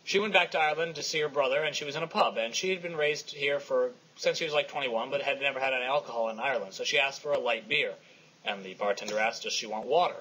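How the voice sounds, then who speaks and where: A young man co-hosting a casual gaming podcast, playful and animated when telling stories. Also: mid-range voice, fast, a little hiss or hum, rough recording. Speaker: podcast co-host.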